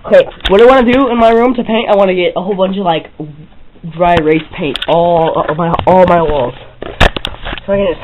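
Excitable high-voiced guy vlogging. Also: brisk, noisy background. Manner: excitable, rambling, addresses viewers directly. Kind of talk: casual rambling to-camera vlog. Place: own bedroom. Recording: slightly dull, lo-fi camera audio.

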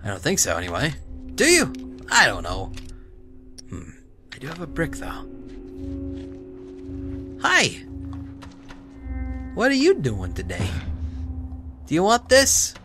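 Male let's-play commentator, higher-pitched, very lively delivery, sarcastic, swears, whispers then yells, game music under him. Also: slow, long pauses. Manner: swings from hushed whispers to loud yelling and swearing; talks to game characters, sarcastic and joking. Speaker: gameplay commentator. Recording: game music playing behind.

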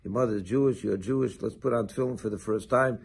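Husky-voiced man telling a sermon story. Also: lowish voice, fast. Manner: animated storytelling, acts out quoted dialogue. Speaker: rabbi.

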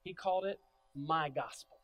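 A man's voice: fairly high pitch, moderate pace, a bit bright. A middle-aged male pastor preaching a sermon in a church, emphatic, repeating key phrases and asking the congregation to say them back. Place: church sanctuary.

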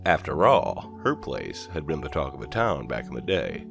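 Man, horror story narrator, gravelly, lively intonation, measured telling. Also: very deep voice. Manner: measured, first-person storytelling. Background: soft background music.

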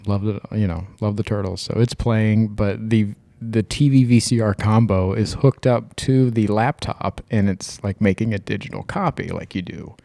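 A man's voice: fairly low pitch, moderate pace, gravelly, few pauses, mellow, no echo. A man co-hosting a podcast, telling a long personal story in casual chat, rambling and swearing freely. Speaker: podcast co-host.

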